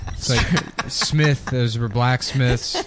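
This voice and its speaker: A man's voice: medium pitch, fairly even intonation, slow pace, very noisy. A man co-hosting a crude, casual podcast chat, rambling through jokes and swearing freely. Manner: rambling, joking, swears a lot. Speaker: podcast co-host.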